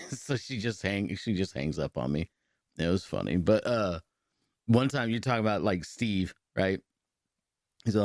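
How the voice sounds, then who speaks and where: A man's voice: sits low, animated, unhurried, pauses often, dry recording, clean studio sound. A man co-hosting a podcast, laughing as he retells prank calls and acts out the voices in casual chat. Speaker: podcast co-host.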